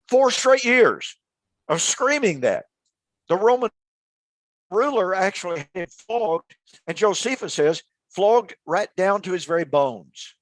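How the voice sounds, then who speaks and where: A man's voice: high-pitched, no echo. A man co-hosting a casual Bible study show, retelling history with emphatic, dramatic storytelling. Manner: emphatic storytelling, builds to loud dramatic quotes. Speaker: co-host of a Bible radio show.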